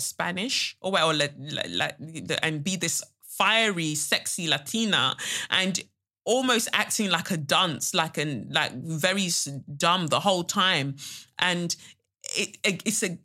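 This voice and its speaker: A woman's voice: fairly low pitch, pushed and bright. A woman hosting a podcast, talking candidly and bluntly in a casual monologue and swearing freely. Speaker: podcast host and actor. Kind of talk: casual monologue, reading a listener letter.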